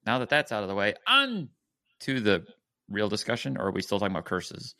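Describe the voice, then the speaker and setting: A man's voice: lowish voice, big pitch swings, fairly quick, pushed and bright, dry recording. A man hosting a casual gaming podcast, steering the talk and reading out housekeeping notes. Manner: runs the show, reads housekeeping plugs. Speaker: podcast host.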